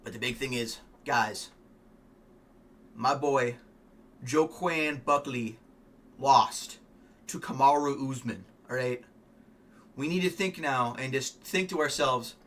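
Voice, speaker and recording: Male vlogger, casual fight talk, opinionated and profane, tense bright tone. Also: mid-range voice, slow pace, long pauses. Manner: rambling, opinionated, swears, frequent ums. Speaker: MMA fan vlogger.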